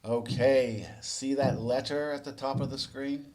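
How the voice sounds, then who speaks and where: A man teaching English. He asks the viewer quiz questions, then explains the answers in a relaxed, conversational way. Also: medium pitch, a little slow. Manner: relaxed and conversational, with small restarts. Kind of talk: explanatory lesson narration.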